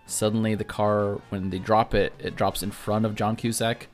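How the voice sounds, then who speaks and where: Hesitant low-voiced podcast man. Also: flat delivery, normal speed, faint music behind. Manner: hesitant, many fillers and restarts. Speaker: podcast co-host. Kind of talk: casual chat.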